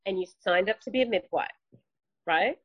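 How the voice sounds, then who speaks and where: A young woman tells an easygoing story about her work life on a podcast. The recording sounds a little dull and muffled, with her pitch sitting in an ordinary middle range. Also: normal speed, husky, dry recording. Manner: relaxed, anecdotal, acts out quotes. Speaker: podcast co-host, midwife. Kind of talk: casual storytelling.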